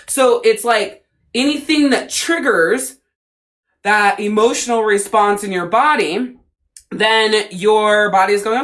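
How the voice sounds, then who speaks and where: A woman's voice: medium pitch, normal speed. Woman life coach, straight-talking and foul-mouthed, chatting to a live audience on camera. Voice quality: profane, blunt, animated. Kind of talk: casual live-stream coaching talk.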